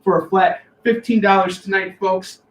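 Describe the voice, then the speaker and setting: High-voiced, hyped man pitching comic deals. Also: moderate pace, echoey room, slight background noise, rough recording. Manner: excitable, loud, shouts catchphrases. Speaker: co-host of a live comic shop sales show. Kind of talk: hyped live sales pitch.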